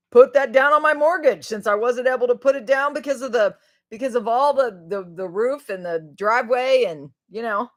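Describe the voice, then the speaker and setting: A middle-aged woman chats casually on her livestream as the host. She talks in a loose, rambling way, laughs often and lets her sentences trail off before starting new ones. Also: on the high side.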